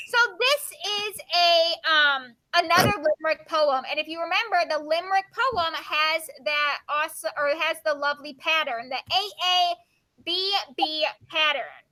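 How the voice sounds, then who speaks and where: A woman teacher reading poems aloud to her class and quizzing her students with quick questions. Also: extremely high pitch, pushed and bright.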